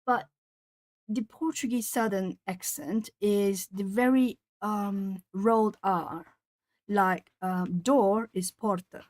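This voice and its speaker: A woman's voice: mid-range voice, steady tone, slow pace, a little mellow, low-quality recording. A woman chatting casually on her art livestream, reading out and answering viewer comments as she colours. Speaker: art streamer. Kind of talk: casual live-stream chat. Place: home art desk.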